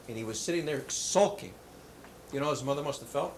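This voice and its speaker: A man giving a motivational talk to schoolchildren, telling jokes in an animated, hammy storytelling manner in a school hall. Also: mid-range voice, a little fast. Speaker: motivational speaker. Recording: roomy hall with faint background noise.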